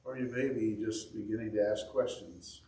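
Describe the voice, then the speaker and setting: A man's voice: lowish voice, fairly even intonation, normal speed, dark tone. A man preaching a sermon as pastor, earnest and plain-spoken, with a dry sarcastic streak. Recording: echoey room, voice from a distance.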